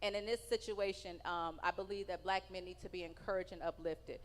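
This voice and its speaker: A woman's voice: lowish voice, fairly even intonation, fairly quick. Brash, profane woman doing stand-up. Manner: brash, profane, teasing the audience. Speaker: stand-up comedian. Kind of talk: stand-up comedy set with crowd work. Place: comedy stage in a large hall. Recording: live venue with long hall reverb.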